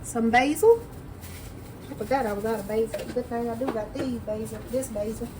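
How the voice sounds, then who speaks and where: A woman's voice: on the high side, normal speed, noisy background. A woman chatting folksily to viewers while she prepares food in her home kitchen. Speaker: home cooking vlogger. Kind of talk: casual cooking chat to camera.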